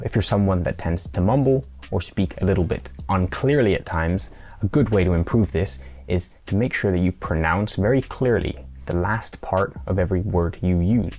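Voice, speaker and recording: A man with a very deep, low voice talks through a tutorial, keeping it playful with small acted-out exchanges. Soft music plays under him. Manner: playful, acts out mock dialogue. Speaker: presenter. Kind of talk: scripted tutorial talk.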